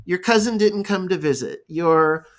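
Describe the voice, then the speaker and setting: A man voicing a harried, overwhelmed parent who brushes off a child's sadness in a hurried, exasperated way. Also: high-pitched, lively intonation.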